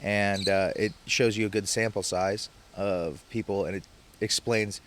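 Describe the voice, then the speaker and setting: Young male podcast co-host with a low voice, casual chat, slight background hiss, animated storyteller. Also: unhurried. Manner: animated retelling with acted-out quotes.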